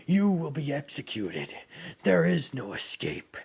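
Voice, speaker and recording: A man's voice: a little high, huge pitch swings, a little slow, creaky, darkish tone, husky, full character voice. A man voicing an angry male king who threatens prisoners with death in a commanding tone. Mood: threatening.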